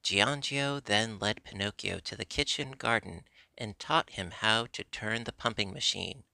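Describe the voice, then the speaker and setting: A man narrating a classic storybook in a steady, measured way. His voice is fairly low and gravelly, with a bright, forceful edge. The recording sounds dry and close. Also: no room sound. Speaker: audiobook narrator.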